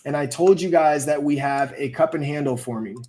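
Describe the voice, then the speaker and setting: A man's voice: fairly high pitch, brisk, a little mellow. Rambling casual male crypto streamer. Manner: loose, rambling, swears, many fillers. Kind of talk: casual live-stream chat.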